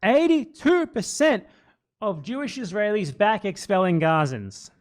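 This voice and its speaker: A man's voice: high-pitched, big pitch swings, measured pace. A man hosting a live stream, giving sarcastic, argumentative political commentary. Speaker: streamer host.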